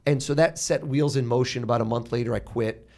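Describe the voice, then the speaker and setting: An American man in his thirties, a podcast guest telling stories in an animated conversational way and acting out what others said. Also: medium pitch, fairly quick. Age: 30s. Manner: animated, acts out quoted people. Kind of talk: conversational storytelling.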